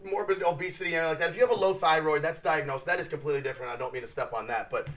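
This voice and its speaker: A man's voice: on the high side, racing, far from the mic, a loud crowd. A man, a fitness coach guest, talking in punchy motivational bursts on a talk show. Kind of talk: casual talk show chat.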